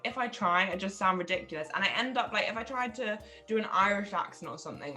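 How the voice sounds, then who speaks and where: A woman with a fairly low voice co-hosts a podcast in a loose, chatty way. She swears casually and pokes fun at herself. Faint music plays behind her. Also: sharp tone. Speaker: podcast co-host. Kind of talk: casual chat.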